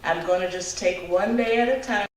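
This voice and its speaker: A widow speaking briefly and quietly at her husband's memorial service. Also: mid-range voice, moderate pace. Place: funeral hall. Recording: distant, very echoey hall with faint noise.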